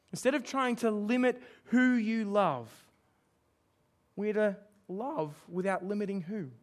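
Guy preaching a sermon, pretty high voice, leans hard on key words. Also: a little slow. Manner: emphatic, asks the congregation questions.

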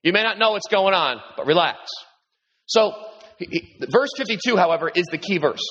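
A man preaching a sermon as pastor, animated and repeating himself, his voice lifting when he quotes Jesus. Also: moderate pace, husky. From New York. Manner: animated, repeats words, rises in pitch when quoting Jesus. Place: large hall with congregation. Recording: echoey hall, dull sound.

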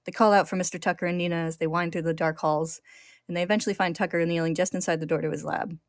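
A woman podcast host retelling an episode in steady, clear storytelling narration. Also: fairly low pitch, fast, no room sound, studio quality.

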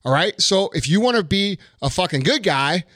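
A man's voice: sits high, lively intonation, moderate pace, a bit bright, no echo, clean studio sound. A man giving blunt dating advice in casual podcast chat, profane and emphatic.

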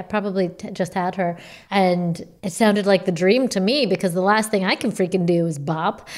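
A woman's voice: medium pitch, a little mellow. A young woman who recently had a baby, hosting a podcast and chatting in an encouraging way. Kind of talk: casual chat.

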